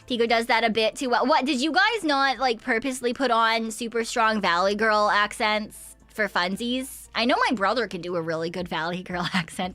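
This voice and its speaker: A young woman streamer chatting casually with viewers, giggly and sweary, with a slight vocal fry and bits of singing. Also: on the high side, moderate pace, fairly bright tone, faint music behind. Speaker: VTuber streamer.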